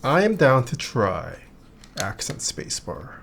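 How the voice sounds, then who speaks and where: A streamer in a relaxed livestream chat who reads viewers' questions aloud and answers them offhand. The voice often drops quiet while typing. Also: mid-range voice, unhurried, gravelly, slight background noise.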